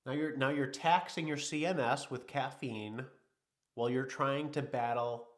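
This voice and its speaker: A man's voice: mid-range voice, fairly even intonation, unhurried, pitched above the performer's own voice, lightly acted. A man voicing his own central nervous system, which scolds him for taking caffeine while sick. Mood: scolding. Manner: scolding, lecturing.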